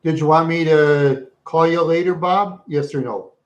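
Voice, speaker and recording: On a muffled recording, a man with a fairly high voice talks at a measured pace while hosting a livestream. He chats loosely and rambles with viewers, repeating himself, laughing often, and saying "yeah" over and over.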